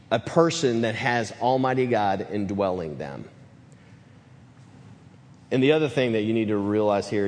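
Man preaching in an echoing hall. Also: medium pitch. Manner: emphatic, swings from loud to hushed. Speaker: pastor. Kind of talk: sermon.

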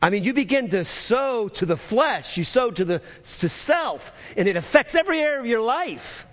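A male pastor preaching a sermon, emphatic and repeating his key phrases, sometimes shouting them. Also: very high-pitched, very animated, moderate pace. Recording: long reverb of a large hall.

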